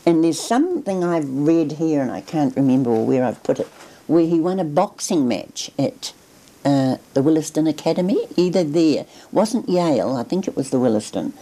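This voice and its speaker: In an oral history interview, an older woman recalls her grandfather in a very low, mellow voice. She is reflective and expressive, often pausing and restarting sentences as memories return. The audio quality is poor.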